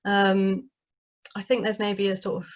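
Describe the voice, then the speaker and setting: A woman with a northeast English accent, a playwright from that region, is interviewed over a video call. She speaks unhurriedly and flatly at medium pitch, with the highs cut off, and her casual talk is full of fillers and restarts.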